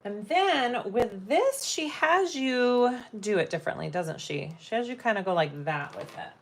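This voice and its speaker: This woman's voice is on the high side, with lively intonation and a slightly slow delivery. Chatting casually on her live sewing stream, she thinks aloud mid-task and talks with viewers.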